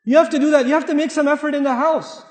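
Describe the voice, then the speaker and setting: A man's voice: very high voice, fairly even intonation, fast. A man giving a sermon to a live audience, direct and joking, repeating points for emphasis. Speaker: speaker giving a talk. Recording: echoey hall, long reverb.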